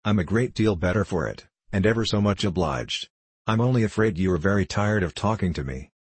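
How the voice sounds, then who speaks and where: A frank, spirited teenage girl from a storybook, read by a man in his own deep voice. She speaks bluntly and with lively energy. The voice is low and a little husky, recorded dry and close. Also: a little fast, no echo.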